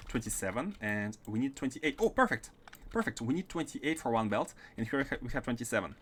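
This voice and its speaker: Streaming gameplay live, a French man with a French-Russian accent thinks aloud, planning builds and chatting with viewers. His voice is on the low side and a bit bright, with slight background noise.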